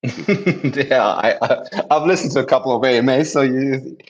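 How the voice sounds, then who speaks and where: A man's voice: mid-range voice, moderate pace, lo-fi sound, a little hiss or hum. A man hosting a community talk event, chatty and rambling, often correcting himself mid-sentence. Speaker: host of a community audio event. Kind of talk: casual chat and introduction.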